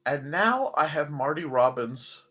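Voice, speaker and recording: Middle-aged male streamer, a bit hoarse, bright and fairly high, rambling comedic host. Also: unhurried. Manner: rambling, jokey, animated asides. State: slightly hoarse. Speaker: livestream host. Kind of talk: casual livestream chat reading comments.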